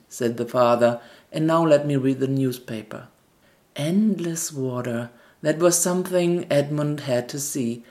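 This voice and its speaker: A woman narrating a fairy tale in a gentle storybook reading, with scripted narration. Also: rumbling low, expressive, unhurried. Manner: gentle storybook reading with quoted family dialogue.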